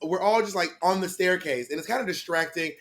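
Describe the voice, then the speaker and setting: A man hosting a casual chat show, trading gossip with eager, rambling asides. His voice sits fairly high for a man. He piles on fillers as he rushes through a story. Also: fairly bright tone. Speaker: podcast host.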